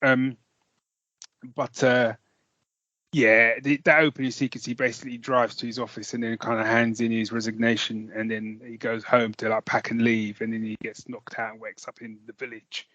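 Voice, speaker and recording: A chatty man from England co-hosting a podcast, rambling along easily between topics. His voice sits at an ordinary middle pitch. The sound is dry and a bit dull, with no room around it. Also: little pitch movement, normal speed, bright, forceful tone, no echo. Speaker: podcast co-host. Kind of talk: casual chat.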